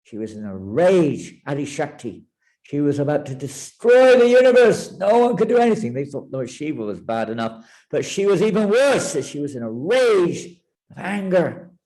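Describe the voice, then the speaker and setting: A man teaching a spiritual class, telling a sacred story in a vivid, animated manner. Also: on the high side, moderate pace.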